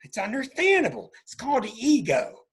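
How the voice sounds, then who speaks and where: A man's voice: extremely high pitch, wildly swooping pitch, moderate pace, breathy edge. A man who hosts an astrology show, telling a story to a group in an emphatic way and acting out sounds. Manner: emphatic, repeats sounds for effect. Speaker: astrologer and host.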